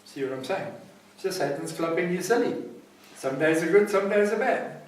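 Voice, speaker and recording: A man's voice: high-pitched, moderate pace, a little hiss or hum. A South African man teaching a class at a recovery centre in an emphatic, preaching style, often checking that his listeners follow him. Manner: emphatic, keeps asking "see what I'm saying?". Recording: very echoey room, mic far off.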